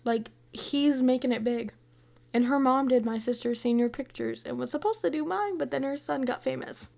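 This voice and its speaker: Rambling excitable teen girl. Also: high-pitched, moderate pace, creaky. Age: about 18. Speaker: movie reviewer. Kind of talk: casual chat.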